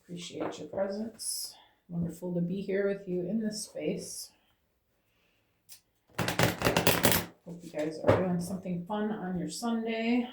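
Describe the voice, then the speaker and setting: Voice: mid-range voice, slow pace, long pauses, heavy background noise. A tarot reader giving a channeled reading to viewers, talking aloud to Spirit and tagging phrases with "okay?". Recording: roomy echo.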